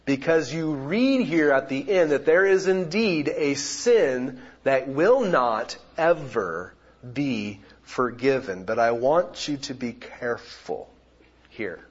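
A man preaching a sermon as pastor, explaining scripture in a measured way and breaking into loud exclamations. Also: medium pitch, breathy edge, lo-fi sound. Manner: animated, shifting from quiet explanation to loud exclamations.

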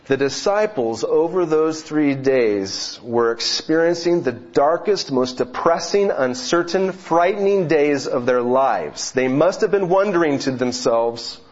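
A man's voice: a little high, animated, unhurried, hardly any pauses. A man preaching a sermon, telling a joke as a story before turning to scripture, with occasional self-corrections. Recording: dull, lo-fi recording.

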